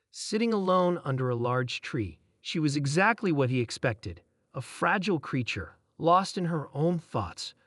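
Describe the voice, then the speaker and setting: A man narrating a sci-fi story in a steady, dramatic storytelling style. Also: a little high, dry recording, clean studio sound. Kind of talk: scripted narration.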